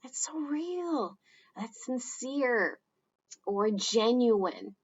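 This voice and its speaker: A woman teaching sign language in a casual, relaxed way, with lots of fillers. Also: a little high, breathy edge, dull audio. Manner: slow, relaxed, with many fillers and acted example phrases. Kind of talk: casual instructional talk.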